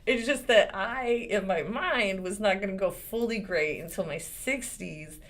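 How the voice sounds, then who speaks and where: A woman's voice: mid-range voice, a little slow, fairly bright tone. A woman in her forties, a lawyer and channel host, talking casually to camera and shifting between serious points and laughter. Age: 40s.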